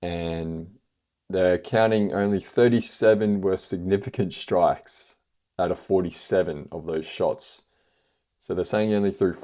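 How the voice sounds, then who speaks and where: A man's voice: deep voice, warm tone. A man hosting a casual fight review podcast, rambling with lots of fillers and the odd swear word. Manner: rambling, heavy on fillers like "you know" and "like". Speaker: MMA podcast host.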